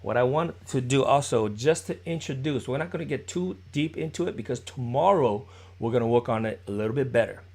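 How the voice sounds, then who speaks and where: A man's voice: medium pitch, fairly quick, darkish tone. Encouraging male dance instructor counting beats. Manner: encouraging, chatty, answers chat viewers by name. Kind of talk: live-streamed dance class.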